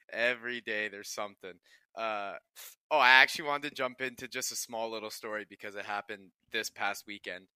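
A man's voice: mid-range voice, pushed and bright, clear, resonant tone, no room sound. A young man co-hosting a casual sports podcast, telling stories and laughing often as he goes. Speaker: podcast co-host.

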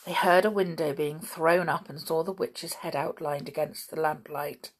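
A woman reading a children's story aloud in a gentle, expressive way. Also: low voice, normal speed, slightly rough.

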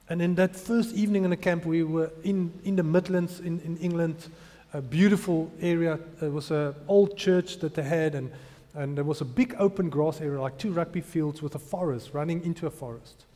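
A man in his thirties delivers a heartfelt sermon testimony, his slightly high voice swelling into loud emphasis. The sound carries a long reverb from a big hall. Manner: emotional storytelling, rising to loud emphasis. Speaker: preacher.

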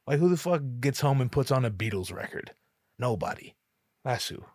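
A man's voice: medium pitch, big pitch swings, moderate pace, a little mellow, no echo, studio quality. A man, a musician and photographer, telling a comic story in a rambling, profane, self-mocking way. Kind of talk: comedic storytelling.

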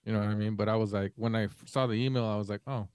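A man's voice: fairly low pitch, fairly even intonation, rapid-fire, a little mellow, clean tone, dry recording, studio quality. A man co-hosting a podcast, telling a long story in casual chat and acting out the dialogue in it. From Mexican family. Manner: rambling storyteller, acts out quoted dialogue. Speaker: podcast co-host.

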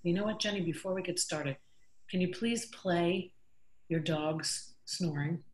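A woman's voice: on the low side, measured pace, echoey room, a little hiss or hum. A woman hosting a podcast, chatting in an upbeat, jokey way. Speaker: podcast host. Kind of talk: casual chat. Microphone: video call.

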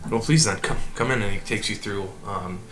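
A man narrating a tabletop game as game master in a relaxed, halting way with many fillers. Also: lowish voice, roomy sound, noisy background.

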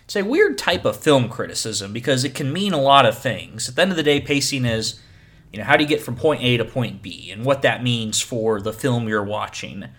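A man co-hosting a casual film podcast, breaking down editing with playful, animated bursts. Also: medium pitch, fairly quick. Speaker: podcast co-host. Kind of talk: casual film-criticism chat.

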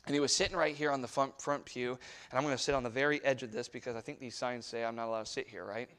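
A man preaching a sermon in a church sanctuary as a missionary preacher. He tells stories, swinging from hushed asides to loud exhortation, and calls out to the congregation for responses. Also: mid-range voice, steady tone, quick pace.

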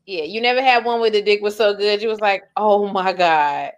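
A woman's voice: medium pitch, steady tone, fast. Laughing, profane woman in casual chat. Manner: loose, profane, laughs often. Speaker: podcast co-host.

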